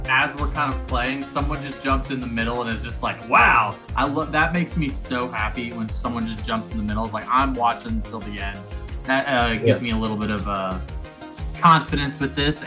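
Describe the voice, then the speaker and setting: A man's voice: medium pitch, fairly quick, music in the background. A man hosting and playing in a tabletop game, chatting in an upbeat, casual way. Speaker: host and player.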